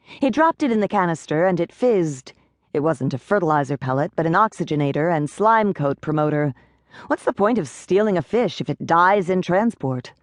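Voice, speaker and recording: A woman reading a first-person audiobook in a steady, measured way. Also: on the low side, dry recording, clean studio sound. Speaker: audiobook narrator.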